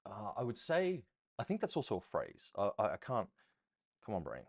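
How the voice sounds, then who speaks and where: A man teaching ballroom dance in a rambling, chatty Q&A style, often counting beats out loud. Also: lowish voice, huge pitch swings, normal speed, husky, no echo, studio quality. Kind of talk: casual teaching Q&A.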